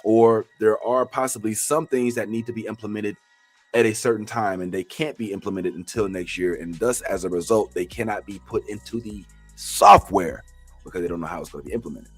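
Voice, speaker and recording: Animated male tax trainer. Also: fairly low pitch, fairly quick, slightly rough, faint music behind. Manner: animated, joking, preacher-like outbursts. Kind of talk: classroom training.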